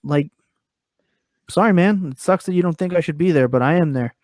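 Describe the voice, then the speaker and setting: Candid wrestler venting on a podcast. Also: male voice, fairly quick, a little mellow, no room sound, clean studio sound. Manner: candid, swears freely, rants with rising pitch. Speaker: guest, pro wrestler. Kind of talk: casual podcast interview. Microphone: remote call mic.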